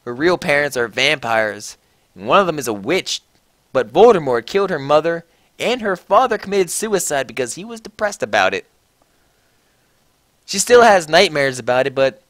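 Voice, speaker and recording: A man's voice: medium pitch, dry recording. A young man giving a mocking dramatic reading of a story, full of sarcastic asides. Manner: sarcastic asides, shifting between flat and loud. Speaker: comedic reader.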